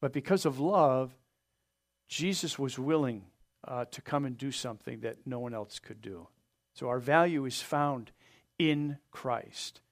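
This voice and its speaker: A man pastor preaching a sermon, earnest, pressing his points hard and then letting them fall soft. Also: mid-range voice, unhurried. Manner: earnest preaching with rising emphasis and soft drop-offs; asks the congregation to open their Bibles.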